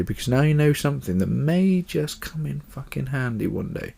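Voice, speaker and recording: A man's voice: medium pitch, animated, moderate pace, gravelly, hardly any pauses, warm tone, husky. A man hosting a casual solo podcast, chatty and rambling, swearing offhandedly and fighting off yawns. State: yawning. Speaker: podcast host.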